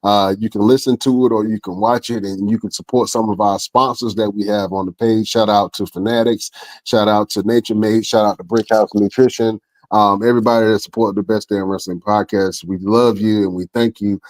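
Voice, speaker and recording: A man's voice: fairly low pitch, steady tone, brisk. A man hosting a wrestling podcast, chatting casually and enthusiastically with slangy talk and easy laughter. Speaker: podcast host. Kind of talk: casual interview chat.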